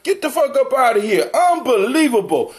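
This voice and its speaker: A middle-aged livestream host rants heatedly, profane, confrontational and mocking. His voice is extremely high and sing-song at normal speed.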